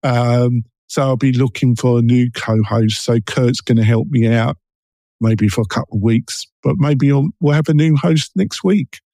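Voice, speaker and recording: A man's voice: mid-range voice, moderate pace, dark tone, no room sound. A man with an East London and Essex English accent hosting a casual podcast interview, chatty and full of ums and self-interruptions. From England. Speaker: podcast host.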